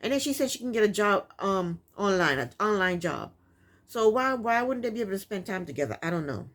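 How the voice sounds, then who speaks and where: A woman's voice: mid-range voice, very animated, fairly quick. A woman giving a casual, opinionated recap of a reality TV episode, sassy and exasperated. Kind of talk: casual commentary.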